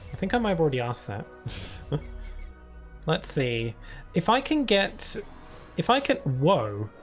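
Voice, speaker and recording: A man's voice: on the high side, wildly swooping pitch, unhurried, faint music behind. A British man streaming a video game, chatting and rambling through casual commentary with frequent giggles.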